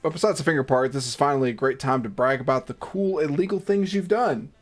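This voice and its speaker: A man's voice: a little high, fast, soft background music. Joking, cursing male streamer. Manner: jokey, swears a lot, theatrical outbursts. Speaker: streamer narrating a game. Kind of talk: casual live-stream chat and game narration.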